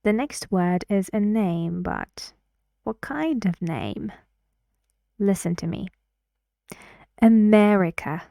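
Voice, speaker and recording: Woman, pronunciation teacher, very slow, repeats words clearly, dry close sound. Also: on the low side, sing-song, dry recording. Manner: models words loudly and repeats them, drops to soft asides. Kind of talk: slow, deliberate pronunciation lesson.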